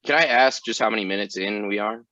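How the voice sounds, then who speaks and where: A man, a runner being interviewed, who answers with dry, deadpan jokes in casual chat. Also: on the low side, quick pace, no echo, lo-fi sound. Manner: dry joking, deadpan humor. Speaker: ultrarunner guest.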